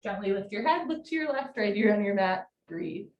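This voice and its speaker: A young woman teaching a live yoga class, giving brisk step-by-step cues and getting breathy as she does the poses along with the class. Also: medium pitch, expressive, lo-fi sound. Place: room at home, live video call. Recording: roomy sound from far off the mic, faint hiss.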